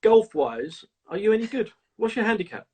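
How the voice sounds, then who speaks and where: Husky high-voiced man hosting a chat. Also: big pitch swings, moderate pace, a little mellow. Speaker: host. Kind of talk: casual interview chat on a live stream. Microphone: phone on a video stream.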